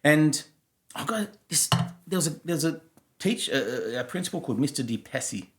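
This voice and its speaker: A man in his fifties, originally from Germany, co-hosting a podcast and telling stories in a blunt, animated way, swearing freely. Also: fairly high pitch, fairly quick. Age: 50s. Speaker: podcast co-host. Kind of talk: casual storytelling chat.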